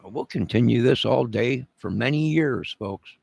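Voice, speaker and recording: A man's voice: medium pitch, lively intonation, a little slow, gravelly, a little mellow, slightly rough, no room sound. A man delivering an angry, profane, repetitive rant to camera, making demands over and over. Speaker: vlogger.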